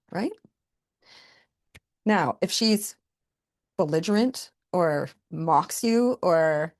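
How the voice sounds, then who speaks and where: A woman hosting a podcast, talking straight to listeners in a frank, coaching way as she gives relationship advice. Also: mid-range voice. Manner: frank, coaching, plain-spoken. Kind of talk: direct advice monologue.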